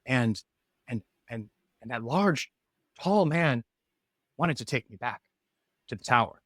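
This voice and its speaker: A man's voice: medium pitch, animated, measured pace, fairly bright tone, no echo, studio quality. A man voicing a tiny, naive newly hatched bird with a breathless, innocent manner. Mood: frightened, relieved.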